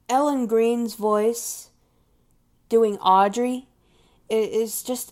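A woman rambling casually at her own unhurried pace, gushing about what she loves. Her voice sits in a middle register, and now and then she trails off into a whisper. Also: a little high, a little mellow.

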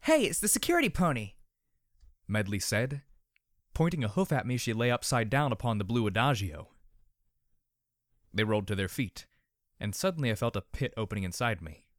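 A man narrating a story in a measured, expressive manner. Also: fairly low pitch, no room sound, clean studio sound.

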